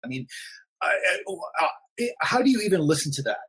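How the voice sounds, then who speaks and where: Brief: husky, slightly higher-voiced man, chatty forum admin on a stream, rambles and repeats. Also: big pitch swings, brisk, fairly bright tone. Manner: rambling, repeats himself, frequent fillers. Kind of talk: casual live-stream conversation.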